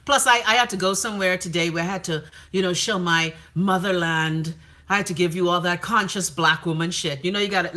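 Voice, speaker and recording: A woman hosting a casual live stream, reading viewer comments aloud in a brash, profane, gossipy way, with sudden dramatic jumps in pitch. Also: normal speed, pushed and bright.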